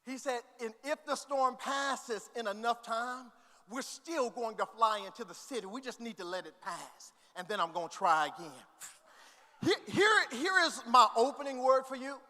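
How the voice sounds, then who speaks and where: A male pastor, preaching a sermon that goes from quiet reading to shouting. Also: very high-pitched, expressive, normal speed. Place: church hall. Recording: long reverb of a church hall.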